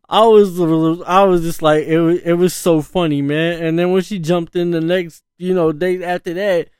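Man, dad, casual storyteller, slangy and laughing, smooth tone, dry mic. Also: high voice, fairly even intonation, normal speed, hardly any pauses, no echo. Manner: loose slangy talk, full of "you know" asides and laughs. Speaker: parent.

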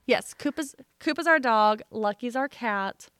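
A young woman co-hosts a relaxed podcast, telling a story and cracking up as she goes. Her voice is smooth and clean, set a little high. It is recorded close on a dry microphone. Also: measured pace, no room sound. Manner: animated, laughs through her own story. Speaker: podcast co-host. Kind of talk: casual storytelling chat.

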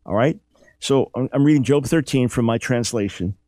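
An earnest man hosting a radio Bible study, emphatic and lively when he dramatizes the text. His voice sits in a middle pitch. The sound is dry and close, with no room echo. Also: moderate pace. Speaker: radio show host. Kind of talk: Bible teaching on talk radio.

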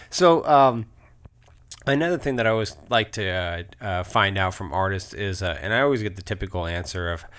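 Brief: male interview host, slightly low voice, loose rambling delivery. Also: normal speed, pauses often, fairly bright tone. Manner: rambling, many fillers and restarts, laughs often. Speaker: podcast host. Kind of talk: casual interview chat.

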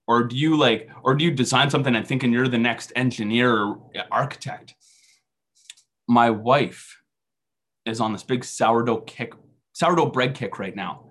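A man's voice: medium pitch, fairly bright tone, husky. A man giving a conversational faith talk, telling self-deprecating stories and asking rhetorical questions. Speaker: speaker at a faith meeting.

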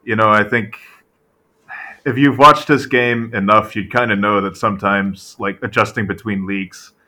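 A man co-hosting a casual sports podcast, animated and full of fillers and "right?" tag questions. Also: lowish voice, moderate pace. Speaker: podcast co-host.

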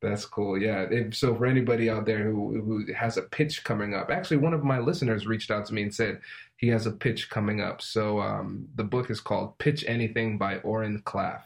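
A man hosting a podcast in a somewhat low voice. He talks with enthusiasm and laughs often with his guest. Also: steady tone, brisk, creaky. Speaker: podcast host. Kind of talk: casual interview talk.

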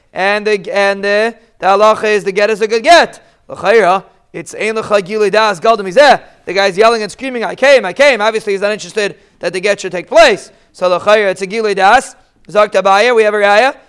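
High, smooth-voiced man teaching Talmud. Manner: explains Aramaic text line by line in casual English, with restarts; acts out quoted shouts with a raised voice. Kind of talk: Talmud study lesson.

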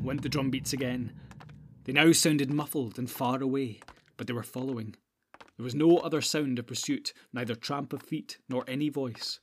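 A man narrating a fantasy audiobook in a steady, measured storytelling manner, with a husky voice. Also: medium pitch.

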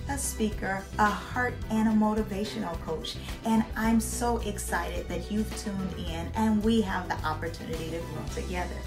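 A woman hosting a chat show, bubbly and playful, laughing often and breaking into song. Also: medium pitch. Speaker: podcast host.

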